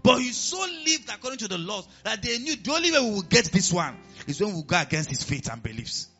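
A man with a Nigerian accent preaching a sermon as pastor, animated and often asking the congregation questions. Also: high-pitched, fairly quick, highs cut off, faint music behind.

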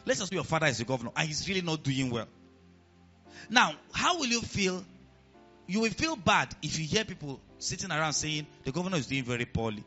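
A man with a Nigerian accent preaching a sermon as pastor, animated and often asking the congregation questions. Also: fairly high pitch, brisk, muffled recording, faint music behind.

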